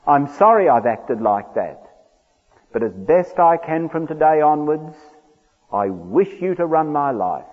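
A man preaching an earnest evangelistic sermon in a large church, pleading with listeners and slowing to a hushed voice in prayer. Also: fairly high pitch, sing-song. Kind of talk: evangelistic sermon with altar call. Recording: tinny phone-like sound with long hall reverb.

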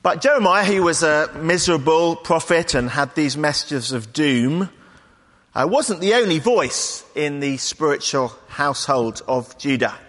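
A man preaching a sermon in a measured, conversational way. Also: a little high, lively intonation, fairly bright tone, big-room sound.

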